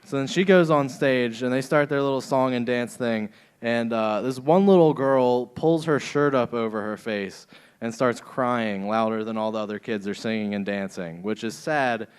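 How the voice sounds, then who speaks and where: A man's voice: medium pitch, moderate pace, clear, resonant tone. A man doing a stand-up comedy set in a club, crude and rambling, often laughing at his own jokes.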